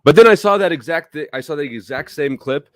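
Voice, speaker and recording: A man hosting a casual livestream chat with a guest, talking in a relaxed, rambling way with restarts. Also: a little high, fairly quick, no room sound, studio quality. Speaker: livestream host.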